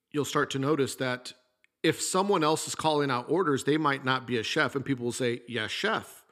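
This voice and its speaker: A man's voice: mid-range voice, a bit bright. A middle-aged man and former chef hosting a podcast, talking through a casual monologue in a plainspoken storytelling way with the odd mild curse.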